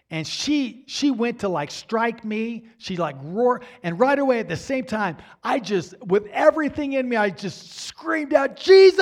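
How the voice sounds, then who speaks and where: A man with a fairly high voice tells a personal spiritual story as part of a faith teaching. His delivery is animated, swinging from hushed tones to near shouts. He repeats phrases and leans on "you know" as he talks. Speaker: Christian teacher.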